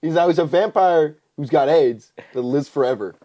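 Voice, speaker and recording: A man's voice: fairly high pitch, moderate pace, mellow. A young man co-hosting a casual podcast, reacting with laughs and crude jokes. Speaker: podcast co-host. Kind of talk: casual chat.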